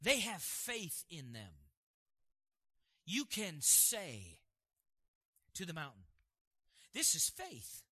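High, bright-voiced preacher in a hall. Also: male voice, wildly swooping pitch, extremely slow, long pauses, breathy edge. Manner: asks the congregation questions and answers them. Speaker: pastor. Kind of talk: sermon. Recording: hall reverb.

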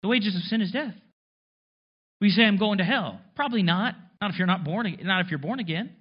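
Lively, husky-voiced preaching man. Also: high-pitched, a little fast, muffled recording. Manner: conversational preaching with sarcastic asides and rhetorical questions. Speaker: pastor. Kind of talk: sermon.

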